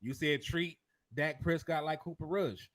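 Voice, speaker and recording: Man, fairly high voice, dry recording, casual slangy sports host. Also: a little slow, fairly bright tone, dry recording. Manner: conversational, slangy. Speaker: podcast host.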